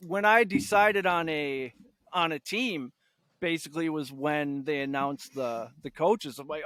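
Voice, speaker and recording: A man hosting a sports podcast, asking questions in a relaxed, conversational way. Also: a little high, measured pace, smooth, no room sound. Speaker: podcast host. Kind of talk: casual sports talk.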